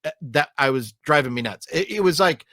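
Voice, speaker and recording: A man co-hosting a casual film review chat rambles with many fillers and restarts, griping emphatically. He sounds animated and brisk, his voice high and a bit bright, in a studio-quality recording free of room sound.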